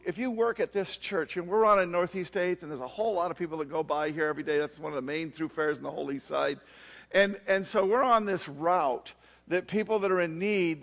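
Male pastor with a high voice, chatty sermon delivery full of asides. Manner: conversational, frequent "you know what I mean" asides.

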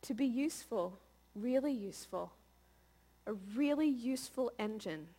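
A woman's voice: fairly high pitch, lively intonation, moderate pace, warm tone. A woman in her thirties giving a conversational, playful sermon and often asking the audience questions. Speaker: preacher.

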